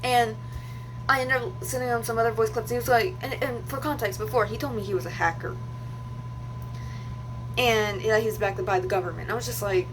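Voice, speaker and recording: A woman's voice: a little high, steady tone, fairly quick, long pauses, over music. A young woman vlogger telling a story in a casual, rambling rant, venting with fillers and restarts.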